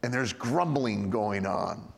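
A male pastor preaching a sermon in a church hall, animated and swinging between loud and hushed. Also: mid-range voice, slow pace, creaky. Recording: echoey hall with long reverb.

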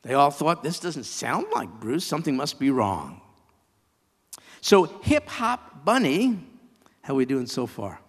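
A man preaching a sermon, reading a children's story aloud with lively storytelling and playful asides. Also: mid-range voice, a little slow, slightly rough, long reverb tail.

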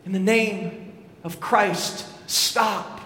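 A man voicing a small, devout monk who keeps crying out for a fight to stop, slow and earnest. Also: high-pitched, steady tone, bright, forceful tone, full character voice. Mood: pleading. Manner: slow, earnest repeated cry. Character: small devout male monk, pleading and unrelenting. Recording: echoey large hall.

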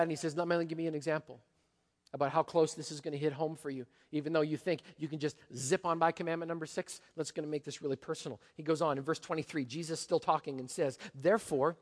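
A pastor preaching a sermon, animated, dropping to a hush and rising to a shout. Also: male voice, fairly high pitch, big-room sound. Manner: animated, swings from hushed to shouting.

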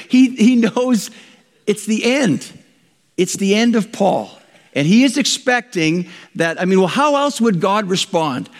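A man preaching a sermon, telling a story with lively acted-out quotes. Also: high-pitched, in a large hall. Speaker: pastor.

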